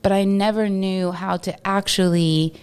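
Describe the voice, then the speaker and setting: A woman from Texas, a podcast guest, telling stories in an animated, casual way and laughing often. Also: medium pitch, unhurried, clear, resonant tone. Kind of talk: casual storytelling interview.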